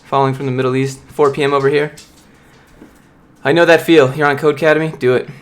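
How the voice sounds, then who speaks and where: A man's voice: mid-range voice, flat delivery, brisk. A young man on a casual livestream, reading and answering viewer chat in a blunt, motivational way. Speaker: streamer, software developer.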